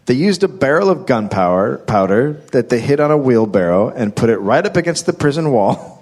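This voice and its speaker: Brief: male comic storyteller, mid-pitched, dry and wry, reading history to a live crowd. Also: sing-song, fairly quick, darkish tone. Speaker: host and storyteller. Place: live stage before an audience.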